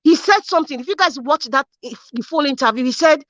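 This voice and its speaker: Fiery high-voiced Nigerian woman ranting. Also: expressive, fast talker, a bit bright, no room sound. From Edo State, Nigeria. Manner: angry, fiery, repeats herself with many rhetorical questions. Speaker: political commentary host. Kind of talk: impassioned political rant. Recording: dull lo-fi sound.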